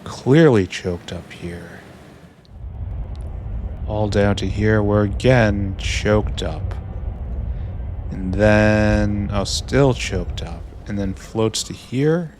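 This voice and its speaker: A man's voice: fairly low pitch, extremely slow, pauses often, a little mellow, slight background noise. A man thinking aloud in casual commentary while playing a game, musing and mocking himself. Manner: musing, talks to himself, dry self-mockery. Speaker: gameplay streamer.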